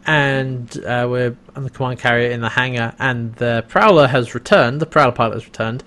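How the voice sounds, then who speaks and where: A man in a casual podcast chat, walking through an episode's plot at a relaxed, meandering clip. His voice sits in an ordinary male range, and he keeps the telling loose and amused, padding it with fillers and restarts. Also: medium pitch, moderate pace. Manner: rambling, amused storytelling with frequent fillers. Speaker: podcast co-host recapping a TV episode.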